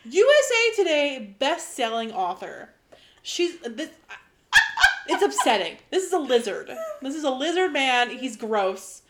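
A woman co-hosting a casual chat, animated and exasperated, often laughing. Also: high voice, unhurried, heavy background noise. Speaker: podcast co-host.

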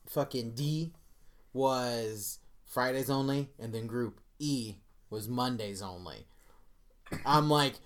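A man hosting a casual podcast, telling a story with lively acted-out reactions and plenty of swearing. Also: medium pitch, takes it slowly. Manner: animated storyteller who acts out reactions and swears freely. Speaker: podcast host.

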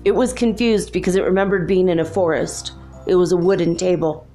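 A woman telling a comic story in a deadpan, rambling way, breaking into laughs. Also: fairly low pitch, brisk, soft background music. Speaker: comedic storyteller. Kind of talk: comic monologue.

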